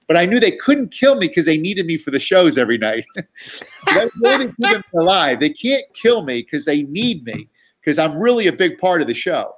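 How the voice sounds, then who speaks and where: A man's voice: mid-range voice, expressive, a little fast. A man telling tour stories in a chatty, profane way with many restarts and fillers. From New York. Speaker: guest comedian. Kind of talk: casual storytelling.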